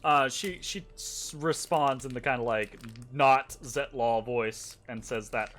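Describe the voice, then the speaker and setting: A man's voice: medium pitch, unhurried, hardly any pauses, a bit bright. A man narrating as game master of a tabletop game, casual and rambling with fillers. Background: faint background music.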